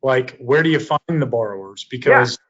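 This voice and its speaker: A man hosting a webinar, chiming in with quick agreements and leading to the next topic. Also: mid-range voice, fairly bright tone, dull audio. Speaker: webinar host. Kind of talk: webinar conversation.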